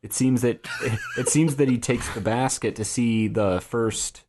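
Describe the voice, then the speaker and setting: Steering the recap of a casual podcast, a male host quizzes his co-hosts with questions. He has a mid-range voice, a steady tone, and a slightly slow pace, with background noise present.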